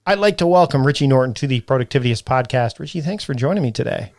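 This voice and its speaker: A man's voice: medium pitch, expressive, fast, dry recording, studio quality. A man hosting a podcast interview, talking casually with many restarts and fillers. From Canada. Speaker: podcast host.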